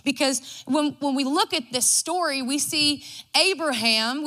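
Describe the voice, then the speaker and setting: A woman's voice: high-pitched, pushed and bright. A woman, preaching a devotional sermon in a folksy storytelling way. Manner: folksy and storytelling, acts out her own quotes.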